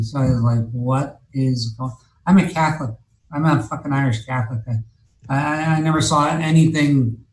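A man spins a long personal tale as a guest, swearing freely and circling back with "uh" and "and, and" as he goes. His mid-pitched voice carries a roomy echo, as if the room around him is bare. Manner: rambling, profane, many fillers and restarts. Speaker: interview guest. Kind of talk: casual storytelling.

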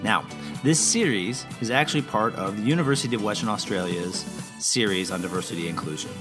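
A man's voice: fairly low pitch, quick pace, over music. A man hosting an interview podcast, chatty and upbeat, laughing often. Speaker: podcast host.

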